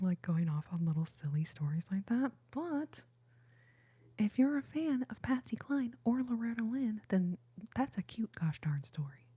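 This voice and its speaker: Breathy whispering woman, ASMR chat. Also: medium pitch. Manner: soft whisper, chatty, giggly. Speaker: ASMR livestream host.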